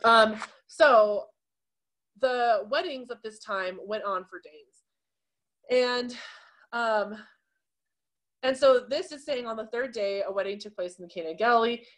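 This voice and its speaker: A woman teaching an adult confirmation class, explaining scripture in a relaxed, chatty way with many fillers. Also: a little high, a little slow, pauses often. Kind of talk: casual teaching talk on scripture.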